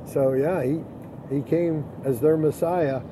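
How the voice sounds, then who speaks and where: A middle-aged man, a pastor, chatting casually on earphones from inside a car, reading scripture slowly and then talking loosely with fillers. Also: on the high side, fairly even intonation. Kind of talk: casual chat on a social audio app. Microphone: earphones with mic. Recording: clear car and road noise.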